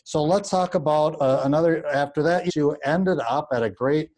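A man hosting a casual interview, asking questions in a halting way with fillers. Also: on the high side, darkish tone. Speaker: interview host.

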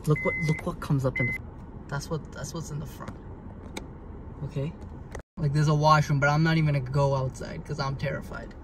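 A man's voice: a little high, little pitch movement, a little fast, pauses often, noisy background. A young man vlogging on a road trip from his car, rambling and nervous, poking fun at himself. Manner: rambling, nervous, self-mocking. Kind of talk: casual road-trip vlog. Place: inside a car.

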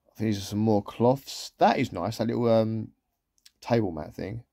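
Male vlogger, easygoing and rambling, mellow voice, dry close sound. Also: fairly low pitch, normal speed, creaky, no echo. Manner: chatty, rambling, with trailing asides. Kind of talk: casual shopping haul commentary.

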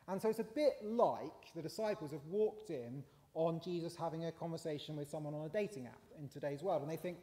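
A man's voice: fairly high pitch, warm tone. A man preaching a conversational sermon, with fillers and rising emphasis. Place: church. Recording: long church hall reverb.

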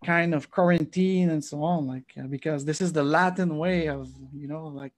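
Animated man on a video call. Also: fairly high pitch, moderate pace, few pauses. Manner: animated, mixes French phrases into English. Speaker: podcast host. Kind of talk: casual video call chat.

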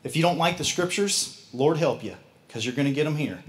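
A pastor with a Midwestern American accent delivers a sermon in a folksy way, readily laughing at himself. His voice is fairly high and animated.

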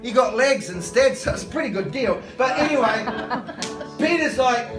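A man with a very high voice preaches in a church hall, and his words ring around the roomy space. He tells his stories with lively comic voices for each character. He stands back from the mic, with a guitar playing behind him. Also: moderate pace. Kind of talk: sermon. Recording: echoey hall, mic from a distance.

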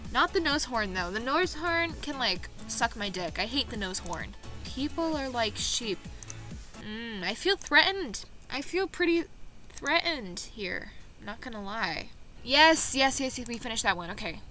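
A woman vlogging in a casual commentary style, excitable and self-mocking, reacting quickly as she plays. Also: on the high side. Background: background music.

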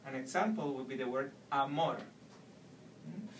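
A man giving a Spanish pronunciation lesson, slowly explaining and repeating example words. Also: a little high, fairly bright tone, slight background noise. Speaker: Spanish teacher. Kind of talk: video language lesson. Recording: echoey room, mic at a distance.

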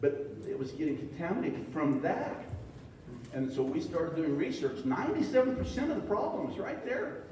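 A man's voice: fairly high pitch, big pitch swings, normal speed, mellow, slight background noise. A man giving a folksy, joking presentation to a live audience, with acted-out quotes. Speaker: presenter at extension talk. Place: large echoey meeting hall. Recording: echoey hall recorded from far off.

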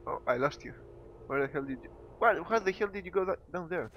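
A man's voice: high-pitched, expressive, fairly quick, a bit bright, a little hiss or hum. A young man talking casually while playing a computer game, teasing his friend. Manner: teasing, laughs a lot. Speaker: gamer. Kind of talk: casual gaming banter. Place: at home on a computer.

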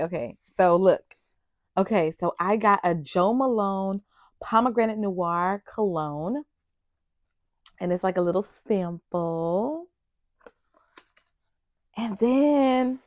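A young woman talks straight to her viewers in an easy, unhurried drawl, excitable and chatty. The sound is close and dry, with no room echo. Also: mid-range voice. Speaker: vlogger unboxing gifts. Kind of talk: casual unboxing chat. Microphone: external mic on camera.

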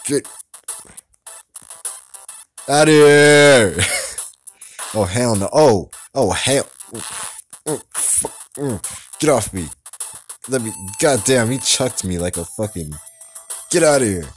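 Man, gameplay commentary, slow drawl, loud trash talk, faint music behind. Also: fairly low pitch. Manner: loud and excitable, trash-talking the screen. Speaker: let's play gamer.

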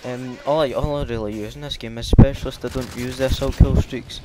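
A man's voice: medium pitch, fairly even intonation, a little fast, over loud music. A Scottish man giving casual, hesitant commentary over his gameplay, with lots of filler ums. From Scotland. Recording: loud game gunfire behind.

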